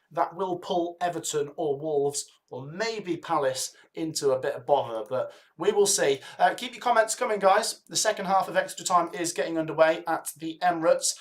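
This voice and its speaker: A young man hosting a live football watch-along, chatting casually, urging viewers to like and comment, and rattling off club names from the chat. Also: fairly high pitch. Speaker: livestream host.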